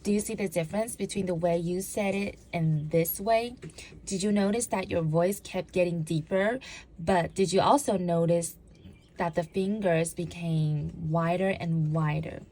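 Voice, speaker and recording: Woman giving a talk to a crowd, kinda low voice, keeps demoing stuff and making ppl repeat after her. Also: a little slow, dark tone. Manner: demonstrative, acts out examples and drills the audience. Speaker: public speaker on body language; former law enforcement officer. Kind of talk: presentation talk to an audience.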